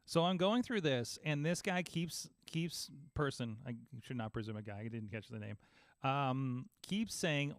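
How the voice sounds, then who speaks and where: A man's voice: medium pitch, normal speed, dry recording. Man telling a story in a dry room. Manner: animated storytelling, acting out both sides of calls. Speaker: podcast host. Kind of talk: casual chat.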